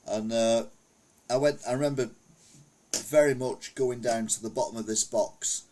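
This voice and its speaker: A middle-aged Englishman with a mid-range, dark-toned voice chats casually on a retro gaming live stream. His intonation stays fairly even at a moderate pace as he rambles through old anecdotes and reads the chat aloud.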